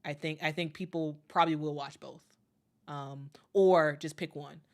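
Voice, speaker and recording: A woman's voice: low voice, steady tone, normal speed. A woman hosting a live stream, chatting casually with viewers, full of fillers and repeated words, upbeat when she thanks people. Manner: friendly, upbeat when reading viewer messages.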